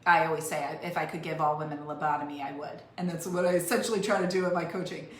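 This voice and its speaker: Speaking quickly in a low voice with fairly even intonation, a woman life coach delivers an earnest motivational message to camera. Emotion shows as she restarts her phrases, and the echoey room carries faint noise.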